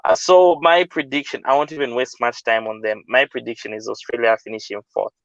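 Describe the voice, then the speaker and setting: Relaxed man on a dull, dry call line. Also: medium pitch, a little fast, creaky, no echo. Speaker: co-host. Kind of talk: casual football prediction chat. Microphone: video call from another room.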